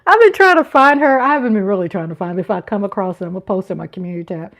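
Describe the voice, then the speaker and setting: A livestream host in her fifties speaks very fast in an expressive mid-range voice. She casually reads chat comments aloud, adding playful giggles and little sung riffs.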